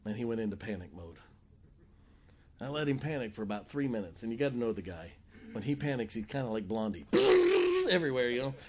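Pastor guy preaching, lively joking storyteller, mid-pitch voice. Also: fairly quick. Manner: animated, jokey storyteller who acts out quotes. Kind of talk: sermon storytelling.

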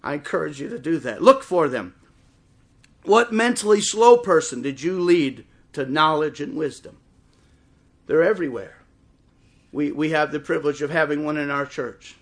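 A middle-aged man preaching a sermon in church, impassioned and swelling toward shouts. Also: fairly high pitch, expressive, normal speed. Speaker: pastor. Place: church service before a congregation.

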